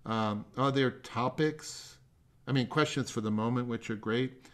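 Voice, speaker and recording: An older man coaches a student in a masterclass, wandering through his points with stops and restarts. He pokes fun at himself along the way. The sound comes through a video call. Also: mid-range voice. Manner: rambling, halting, self-deprecating humor. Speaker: music teacher leading a masterclass. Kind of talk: remote masterclass feedback.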